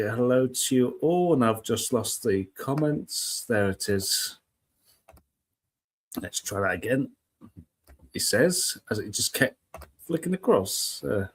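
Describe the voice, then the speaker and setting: A British man hosts a weather live stream on his laptop from a home room with cats, sounding mid-pitched and just over a cold. Chatty and self-mocking, he greets viewers one by one.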